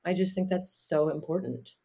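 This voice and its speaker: A woman guest telling a personal story in an interview, halting, with many fillers and restarts. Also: fairly low pitch, mellow, breathy edge.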